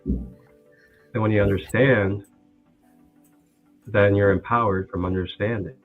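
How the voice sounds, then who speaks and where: A man speaking calmly and philosophically in a spiritual conversation, over tinny phone-line audio. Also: on the low side, faint music behind. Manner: calm, philosophical, explaining slowly.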